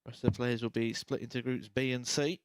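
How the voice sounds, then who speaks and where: A man's voice: medium pitch, steady tone, a little fast, clear, resonant tone, no echo, clean studio sound. A man commentating live darts, wry and teasing.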